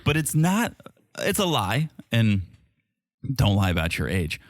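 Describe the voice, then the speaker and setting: A man's voice: on the low side, sing-song, a little slow, no echo, clean studio sound. A man co-hosting a podcast, recapping a reality show with wry, sarcastic commentary. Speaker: podcast co-host. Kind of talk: casual recap chat.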